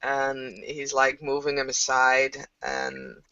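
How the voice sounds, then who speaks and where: A woman's voice: rumbling low, big pitch swings, sharp tone, no echo, recorded from a distance, dull audio. A woman narrating a tabletop game as game master, hesitant and full of fillers. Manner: slow, hesitant with many fillers.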